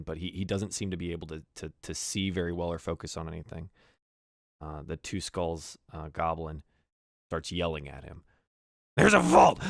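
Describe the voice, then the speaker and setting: A man with a deep, gravelly voice narrates a tabletop game as dungeon master. He describes scenes in detail, often pausing on fillers. The sound is dry and close. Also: no room sound.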